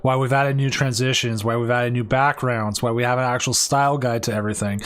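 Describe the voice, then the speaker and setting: A man's voice: mid-range voice, steady tone, a little fast, fairly bright tone, smooth. A man hosting and casting a live tournament stream, talking casually and rambling with many restarts and fillers. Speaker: tournament stream host and caster.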